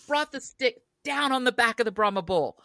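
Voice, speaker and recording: A woman co-hosting a podcast, telling a childhood story in an animated way, laughing often and shouting out quoted lines. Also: on the high side, brisk, creaky, no echo. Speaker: podcast co-host.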